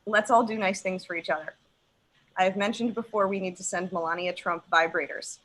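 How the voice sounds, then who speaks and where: A young woman performing a stand-up set on a video call, emphatic and profane, pausing like a preacher between lines. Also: medium pitch, steady tone, fairly bright tone, a little hiss or hum, low-quality recording. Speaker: stand-up comedian.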